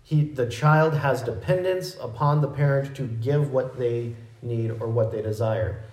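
In an echoey room, a man gives a sermon in a mid-range, somewhat dark voice, speaking a little slowly. He teaches through a passage and frequently stops to correct himself partway through sentences.

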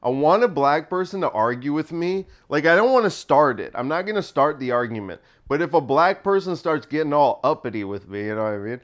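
A man's voice: fairly high pitch, very animated, fairly quick, hardly any pauses. A comedian riffing off the top of his head, rambling and laughing at his own jokes. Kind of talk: solo comedy riff.

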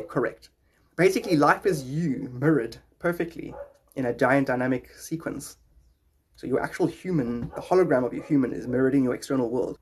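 A man's voice: mid-range voice, a little hiss or hum. A man hosting a podcast, rambling in a jokey, philosophical way. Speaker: podcast host. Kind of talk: rambling casual talk.

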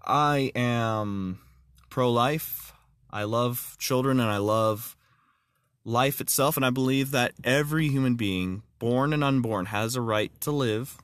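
A man's voice: medium pitch, fairly bright tone, clean tone. A man hosting his own podcast, talking earnestly and plainly and telling jokes. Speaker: podcast host. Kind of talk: casual podcast monologue.

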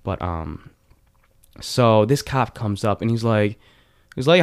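A man's voice: fairly low pitch, moderate pace. A man in his late teens, chatting casually and retelling a story with lots of fillers and restarts. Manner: rambling, animated retelling with many fillers. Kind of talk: casual chat.

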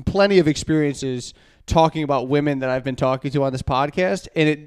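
A man co-hosting a podcast in casual, joking chat, often slipping into quick put-on voices. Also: fairly high pitch, a little mellow, clean tone. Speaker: podcast co-host.

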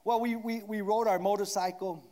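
A man preaching a sermon, swinging from shouted declarations down to hushed asides. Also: high voice, fairly even intonation, normal speed.

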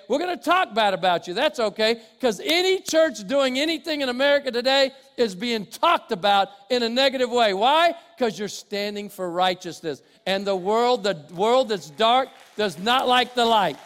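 Older male pastor, high voice, sermon delivery that shifts between loud preaching and soft asides. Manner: swings from loud preaching to quiet, conversational asides. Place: church sanctuary with congregation. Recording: long hall reverb.

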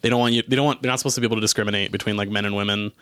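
A man's voice: fairly low pitch, very fast, smooth, no room sound. A young man chatting casually as a podcast co-host, joking and laughing often. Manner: jokey, laughs often, animated bursts. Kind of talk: casual chat.

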